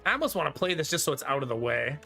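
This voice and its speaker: Bright-voiced chatty male streamer. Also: on the high side, very animated, rapid-fire, creaky. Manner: chatty, laughs often, talks to chat. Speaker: streamer playing a card game. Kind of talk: casual live-stream chat. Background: faint game music.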